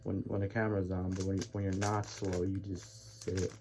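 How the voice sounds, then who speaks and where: A man's voice: low voice, little pitch movement, moderate pace, darkish tone. Man, casual vlog self-talk, rambling, mutters, easily annoyed, noisy recording with clicks. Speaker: speedcubing hobbyist vlogger. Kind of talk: casual self-talk while solving a cube.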